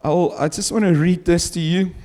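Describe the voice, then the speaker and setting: A man whose first language is Afrikaans, preaching a sermon and reading scripture slowly and with emphasis, chuckling often between points. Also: high voice, steady tone, mellow. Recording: long hall reverb.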